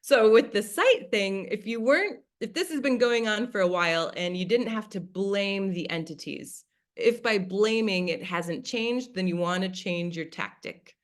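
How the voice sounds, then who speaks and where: Speaking at a normal speed in a mid-range voice, a US class facilitator keeps her teaching relaxed and conversational. She frequently voices what she used to think as little quoted asides.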